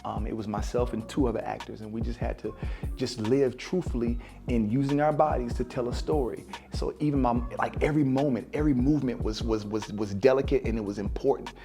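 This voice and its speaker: Gravelly-voiced man reflecting over music. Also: mid-range voice, steady tone, fairly quick, warm tone. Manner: reflective and spiritual, casual with many fillers. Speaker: actor and former teacher. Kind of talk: sit-down interview, talking to camera. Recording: music playing underneath.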